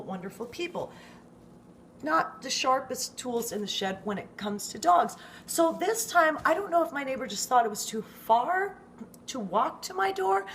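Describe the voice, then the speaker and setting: A middle-aged woman from the United States telling an exasperated, animated story in a casual vlog, swearing freely and often tagging her lines with "okay?". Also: a little high, slight background noise. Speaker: vlogger, dog owner.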